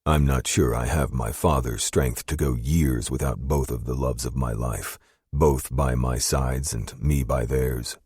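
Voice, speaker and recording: A man's voice: very deep voice, fairly even intonation, a little slow, a little mellow, husky, no room sound, clean studio sound. A man narrating a first-person romance audiobook in an intimate, brooding way.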